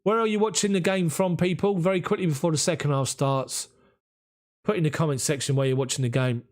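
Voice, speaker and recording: A man's voice: a little high, steady tone, fairly quick. A man with a London accent hosting a live football watch-along, chatting and thanking viewers by name as he reads their comments. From England. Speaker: football fan channel host.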